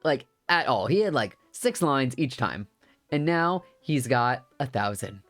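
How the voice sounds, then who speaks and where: A man's voice: medium pitch, big pitch swings, unhurried, a bit bright, faint music behind. A man streaming a game, chatting casually about voice work in a rambling, laughing way with many fillers. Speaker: streamer and voice actor.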